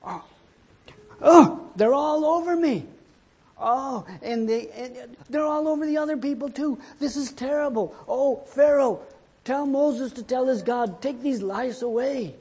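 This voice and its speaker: A man voicing frantic, itching Egyptian men in a storybook retelling, with shrill, frantic exclamations. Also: big pitch swings, unhurried, long pauses, mellow, husky, full character voice. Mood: panicked.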